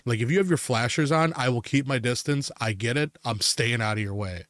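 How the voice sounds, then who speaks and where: A man's voice: medium pitch, brisk, fairly bright tone, no echo, studio quality. A man from Wisconsin co-hosting a casual podcast, telling a road story in a profane, ranting way. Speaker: podcast co-host. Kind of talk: casual chat.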